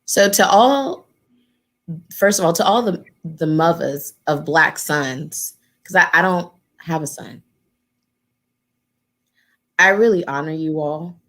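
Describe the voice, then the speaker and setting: A woman's voice: deep voice, lively intonation, takes it slowly, pauses often, a bit bright. A woman who organizes in her community and once ran for office, speaking earnestly to a panel. She repeats phrases for emphasis and talks to the group in a casual, direct way. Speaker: community organizer and former political candidate. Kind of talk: heartfelt panel remarks.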